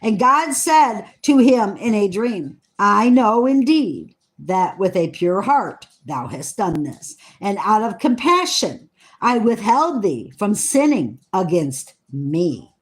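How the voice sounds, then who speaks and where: A woman slowly reading scripture aloud, earnest, stumbling over hard names and adding eager comments of her own. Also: medium pitch. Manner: excited asides about the text. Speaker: Bible reader.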